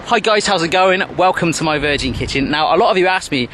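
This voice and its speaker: A man's voice: fairly high pitch, lively intonation, fast talker, fairly bright tone, roomy sound, slight background noise. A man hosting a cooking show, chatty, jokey and playful as he cooks in a home kitchen into a camera on a tripod. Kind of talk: casual cooking demonstration.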